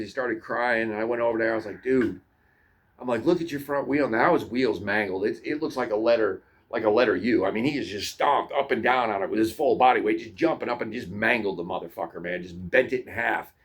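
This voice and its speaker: A man's voice: mid-range voice, slightly rough. A man casually telling childhood stories in a rambling, profane way, often repeating and restarting his words. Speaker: storyteller. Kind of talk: casual storytelling to camera.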